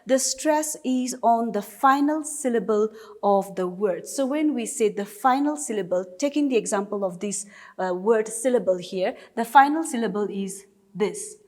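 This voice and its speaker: A woman's voice: mid-range voice, animated, normal speed. A woman teacher from Nagaland with a Naga English accent, giving a recorded class lesson patiently and step by step with repeated examples. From Nagaland, India.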